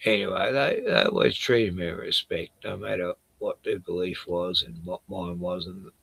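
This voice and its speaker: A gravelly, husky Australian man talking slowly and loosely. He rambles and trails off as he hunts for something online, his low voice bright and edgy on top. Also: steady tone. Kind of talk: casual chat while searching online.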